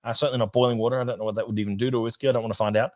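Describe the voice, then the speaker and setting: A chatty man hosts a relaxed whisky livestream at a mid pitch. He talks loosely, rambles a little and answers viewer comments as they come in, laughing easily. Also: very fast. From Australia. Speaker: whisky society host. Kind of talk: casual livestream chat.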